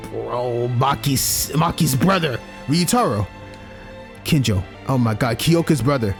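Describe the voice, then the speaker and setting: A young man commentating on a story game, reacting loudly with slang and swearing. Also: medium pitch, expressive, a little slow, vocal fry, soft background music. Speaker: gaming YouTuber. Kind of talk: let's play commentary.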